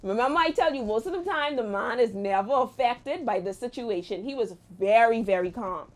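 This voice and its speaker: A young adult woman hosting a show, telling a personal story in a lively, animated way. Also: fairly high pitch, moderate pace. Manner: lively, animated retelling with exclamations. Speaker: host. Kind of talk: storytime monologue.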